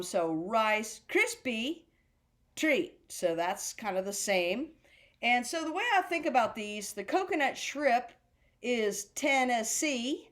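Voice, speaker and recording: A woman's voice: on the high side, a bit bright. A middle-aged woman teaching a beginner drum class, chanting rhythm patterns aloud with food words. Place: senior center class room.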